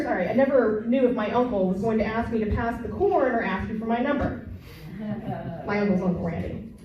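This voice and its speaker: A young woman doing a brash, crude stand-up comedy set, chatting with the crowd and mocking herself. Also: on the high side. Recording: distant mic in a very echoey room.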